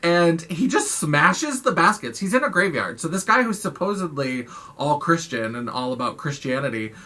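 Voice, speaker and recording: Female vlogger, casual and profane film recap, bright forward tone. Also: sits low, sing-song, moderate pace. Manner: chatty, profane, lots of "like".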